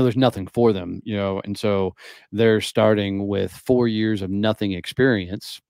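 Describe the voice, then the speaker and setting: A man from Texas with a somewhat low voice tells a story as a podcast guest. His delivery is blunt, animated and peppered with swearing, and the recording is dry and close with no room sound. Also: gravelly, no echo. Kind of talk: casual storytelling.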